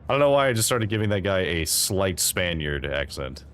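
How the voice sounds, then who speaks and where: A man's voice: deep voice, big pitch swings, normal speed, hardly any pauses, fairly bright tone, slight background noise. A man casually commenting on his game as he plays, chatty and thinking aloud with fillers. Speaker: game streamer. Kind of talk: casual let's-play commentary.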